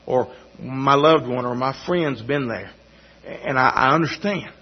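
A man giving a sermon testimony in a halting, folksy way, often repeating his words. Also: mid-range voice, husky. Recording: dull lo-fi recording.

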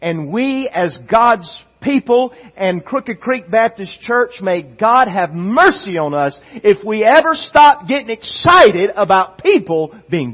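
A man's voice: high voice, husky, highs cut off. A man preaching a sermon as pastor, with impassioned, repeated emphatic phrases.

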